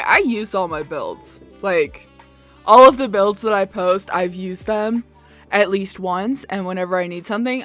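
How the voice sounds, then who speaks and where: A woman's voice: mid-range voice, a bit bright. A young woman chatting casually over a game build, rambling and mocking herself with frequent laughs. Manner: rambling, self-mocking, giggly. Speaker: Sims builder and YouTuber. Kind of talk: casual voice-over chat over a speedbuild.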